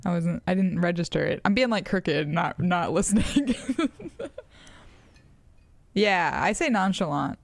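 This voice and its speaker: An American woman live-streams a game, chatting casually in a lowish, animated voice, a little slow with long pauses. She rambles and giggles, using plenty of fillers and laughs. There's no echo.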